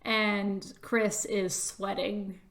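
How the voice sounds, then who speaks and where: Slow-talking woman game master. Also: medium pitch, little pitch movement, fairly bright tone. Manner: slow, hesitant with many fillers. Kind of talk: narrating a tabletop game.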